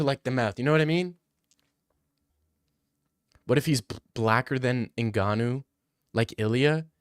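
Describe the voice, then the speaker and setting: A man's voice: medium pitch, no echo, studio quality. A young man rambling through crude comedic riffs, laughing as he goes.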